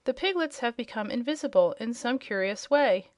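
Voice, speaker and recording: A woman's voice: on the high side, expressive, normal speed, no echo, natural voice. A woman voicing a kindly, puzzled old male wizard in a children's storybook reading. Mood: polite.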